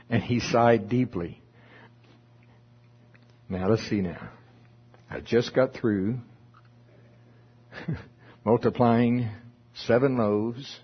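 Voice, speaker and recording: A man's voice: mid-range voice, husky, lo-fi sound. A man preaching folksy Bible teaching, reading scripture aloud and explaining it with chuckling asides.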